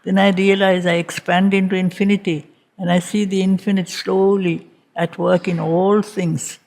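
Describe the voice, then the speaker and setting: A woman's voice: mid-range voice, level tone, moderate pace, darkish tone. A woman teaching a reading group, giving a spiritual lecture on a poem and repeating phrases for emphasis. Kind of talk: slow spiritual lecture on poetry.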